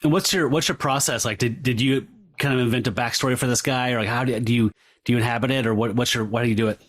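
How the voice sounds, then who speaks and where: A man's voice: medium pitch, steady tone, fast talker. A man hosting a podcast, asking casual interview questions in a stumbling way, repeating words as he goes. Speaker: podcast host.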